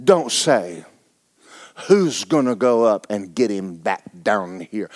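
This pastor is very animated yet takes his sermon slowly. Acting out the scripture he reads, he fires questions at his congregation and shifts between hushed asides and loud exclamations.

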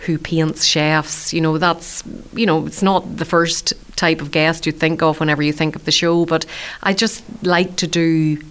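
A woman in her late thirties talks through her story in a low, even voice, clear and smooth. She is chatty and self-deprecating, a community radio food presenter being interviewed. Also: unhurried.

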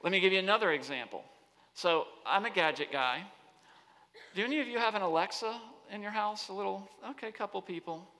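A man giving an animated talk to students on a campus, often asking the audience rhetorical questions. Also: sits high, a little fast. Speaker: speaker. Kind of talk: lecture-style talk to students. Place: large hall on a college campus. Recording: long hall reverb.

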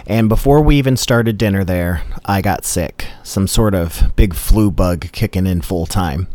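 A man's voice: sits low, measured pace, darkish tone, no room sound. A man telling a comedic personal story in a dry, matter-of-fact way. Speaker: storyteller host.

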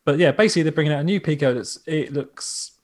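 A man's voice: fairly high pitch, fast. An English man co-hosting a podcast in casual chat, rambling along with many restarts. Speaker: podcast co-host.

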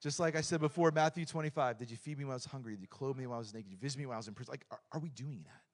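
A middle-aged man preaching a lively, joking sermon in a church, swinging between loud points and quiet asides. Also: mid-range voice, racing. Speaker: pastor.

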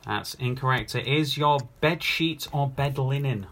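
Man, podcast host, casual chat, dry jokes, mid-pitched voice. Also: a little slow, background noise. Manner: dry, joking quizmaster.

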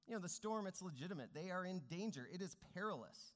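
A man's voice: sits high, very animated, fairly quick. A man preaching a sermon as pastor, speaking earnestly with rising and falling emphasis. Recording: long reverb of a large hall.

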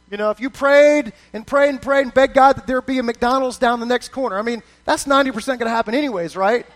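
A man with a very high voice preaching a sermon. He talks in a conversational way, breaks into quoted prayers and stumbles into quick restarts as he builds his point. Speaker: pastor.

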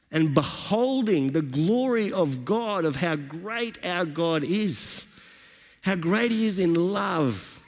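A man's voice: a little high, a little mellow, in a large hall. A male pastor preaching a sermon, building his points through emphatic repetition.

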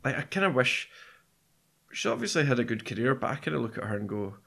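A man co-hosting a film podcast, chatting casually and excitedly, laughing often as he rambles. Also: mid-range voice, fast talker, vocal fry.

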